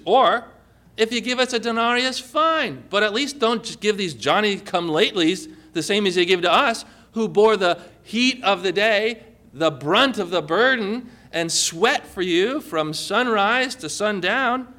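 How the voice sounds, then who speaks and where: A preacher acting out a group of bitter male workmen, grumbling and indignant in a high, sharp voice. They protest with a tense, complaining edge, as he plays them in his sermon. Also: lively intonation, unhurried, exaggerated voice.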